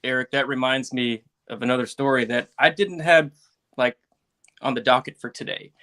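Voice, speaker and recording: A man's voice: medium pitch, normal speed, background noise. A man who is a podcast guest, telling a story in a laid-back, casual way with chuckles and fillers.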